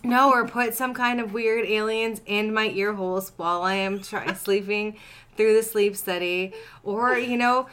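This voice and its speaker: A woman co-hosting a podcast in casual chat, opinionated and animated, slipping into mock voices to make her point. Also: mid-range voice, a little slow, clean tone. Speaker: podcast co-host.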